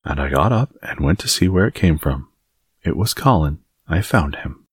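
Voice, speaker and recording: A man's voice: rumbling low, animated, moderate pace, husky, full character voice. A man voicing a blunt, curious little girl in a storybook reading. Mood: eager.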